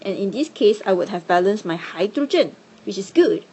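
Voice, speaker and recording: A woman's voice: mid-range voice, animated, moderate pace, warm tone, slightly rough. A woman teaching chemistry, explaining step by step in a patient, encouraging way. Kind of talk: classroom lesson.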